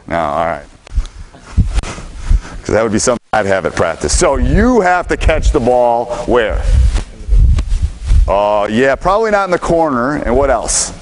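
A male basketball coach talks his players through a full-court drill, mixing short, brisk commands with explanations at a middling pitch. Faint background noise and bouncing balls sit under his voice in the gym. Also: very animated, poor audio. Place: gym during practice.

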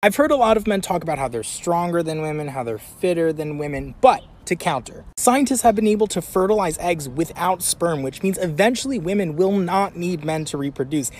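Man, high voice, smug lecturing comic rant. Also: expressive, a little fast, few pauses, a little mellow. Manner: confident, lecturing. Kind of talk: scripted comedic rant.

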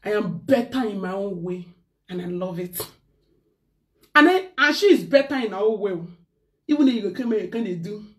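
A woman's voice: medium pitch, lively intonation, moderate pace, pauses often, distant mic. A woman with a Nigerian accent ranting in casual chat as a live-stream host, slipping pidgin into her English.

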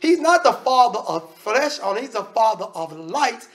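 High-pitched preacher. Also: male voice, sing-song, moderate pace. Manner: preaching with emphatic, shifting loudness; conversational, with repeated restarts. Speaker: minister. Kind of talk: sermon.

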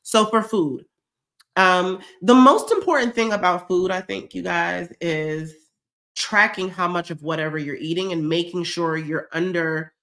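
With a lowish, fairly bright voice and a measured pace, a woman hosts a fitness check-in livestream, casually reading comments and responding to viewers. She's chatty and effusive, says "y'all" frequently, and is a little stuffy from a cold.

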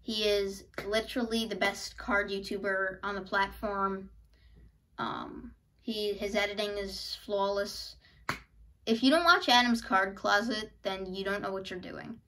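A woman hosting a casual card-opening video, excitable and stammering, breaking into squeals. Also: mid-range voice, measured pace. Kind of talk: casual pack-opening commentary.

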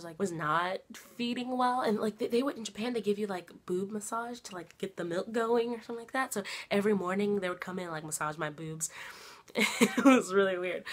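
A woman's voice: on the low side, a bit bright. A young woman, a mother of twins, telling her story casually at home in a vlog, chatty and full of "like" fillers. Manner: chatty, many "like" fillers, laughs often.

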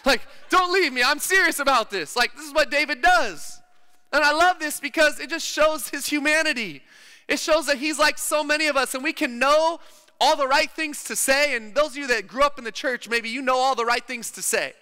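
A man's voice: extremely high pitch, normal speed, bright, forceful tone. A man preaching a sermon in a church, emphatic and repeating his phrases for stress. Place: church hall. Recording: long church-hall reverb.

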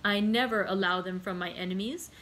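A composed, wry gentleman from a classic novel, calm and formal, as a woman reads him aloud. He speaks in long, measured sentences at a middling pitch. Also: slight background noise, lightly acted, poor audio.

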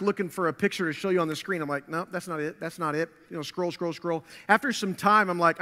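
Guy pastor preaching, chatty storytelling, lots of uh and you know, high voice, big echoey church. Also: a bit bright. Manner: conversational storytelling with many fillers. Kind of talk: sermon. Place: church sanctuary.

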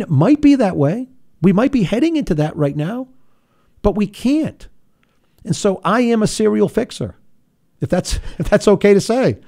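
Gravelly, earnest talk radio host. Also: male voice, high-pitched, dark tone. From Rhode Island. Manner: earnest, restless, repeats words when pushing a point. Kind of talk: political talk radio monologue.

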